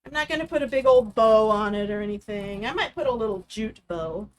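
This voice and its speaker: A woman's voice: a little high, expressive, fairly quick. A woman hosting a live craft demonstration, walking through each step in a chatty, explaining way. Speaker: craft host.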